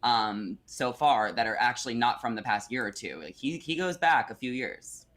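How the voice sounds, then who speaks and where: A man's voice: medium pitch, lively intonation, normal speed, fairly bright tone. A man co-hosting a casual chat, talking in a skeptical, analytical way. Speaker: co-host.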